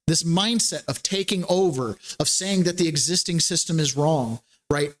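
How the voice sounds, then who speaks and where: A man hosting a talk show, giving casual political commentary in an animated storytelling way with quick asides. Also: a little high. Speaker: show host.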